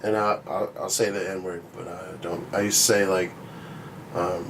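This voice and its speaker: A man's voice: sits low, flat delivery, normal speed, a bit bright, slight background noise. A man co-hosting a podcast, talking loosely and swearing a lot, with "you know what I mean" in nearly every line. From grew up on a reservation. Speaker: podcast co-host. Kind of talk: casual chat.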